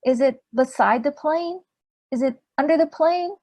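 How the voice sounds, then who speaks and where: A woman voicing an excited four-year-old boy, firing off eager, loud questions in a high voice. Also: a little slow.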